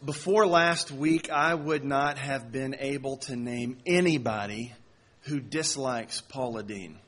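A man delivering a sermon to a congregation, telling a story in a conversational way with slow, emphatic phrasing. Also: mid-range voice, fairly bright tone. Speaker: pastor.

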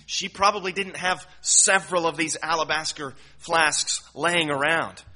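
Earnest guy preaching, bit high voice, bright and sharp, repeats words a lot. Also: steady tone, a little slow. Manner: earnest, explanatory, frequent word repeats. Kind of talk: expository Bible teaching.

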